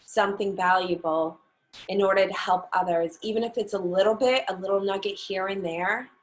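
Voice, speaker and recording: A woman hosting an interview, speaking earnestly and deliberately. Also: mid-range voice, poor audio. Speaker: host. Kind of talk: conversational interview.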